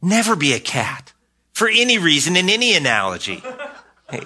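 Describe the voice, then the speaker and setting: A man's voice: high-pitched, wildly swooping pitch, moderate pace, bright, forceful tone. An older man preaching a sermon as pastor, earnest, often repeating a word as he starts a phrase.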